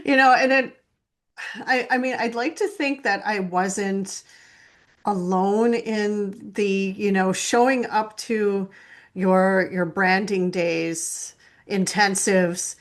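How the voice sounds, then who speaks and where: A woman's voice: medium pitch, fairly even intonation, slow pace. Enthusiastic woman podcast host. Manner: enthusiastic, laughs often, self-deprecating. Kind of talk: casual podcast interview.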